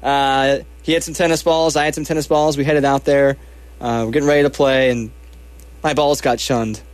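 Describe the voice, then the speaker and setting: A young man casually telling a funny personal anecdote, animated and self-mocking, slipping into the voices of the people in it. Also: mid-range voice, moderate pace. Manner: animated, self-mocking, acts out quoted lines.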